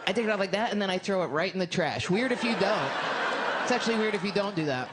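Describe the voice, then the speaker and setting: A woman comedian on a club stage rambles through a crude story, cutting herself off and restarting. Her voice swings widely up and down. The live recording carries clear audience noise behind her. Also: mid-range voice, expressive, fast, over a noisy crowd. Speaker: stand-up comedian. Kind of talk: stand-up routine.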